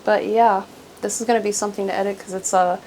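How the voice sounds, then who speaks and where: A woman hosting a casual houseplant show-and-tell at home, rambling with frequent "um"s and soft laughs, sometimes drifting away from the camera. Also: mid-range voice, steady tone, fast talker, a little hiss or hum, rough recording. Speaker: houseplant channel host. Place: at home among houseplants, indoors. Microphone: camera she sometimes walks away from.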